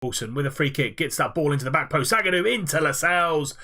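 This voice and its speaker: Young man, upbeat gaming commentator calling football matches, slightly higher voice, filler-heavy delivery. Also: animated, bright, forceful tone. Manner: quick play-by-play with frequent "uh" fillers. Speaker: video game player commentating his own matches. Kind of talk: play-by-play football commentary over gameplay.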